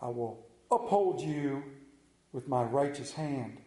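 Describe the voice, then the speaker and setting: A man preaching a sermon in a church, pausing for effect and dropping to a hushed voice on key words. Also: mid-range voice, lively intonation. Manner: dramatic pauses, drops to a hushed voice on key words. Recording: echoey room.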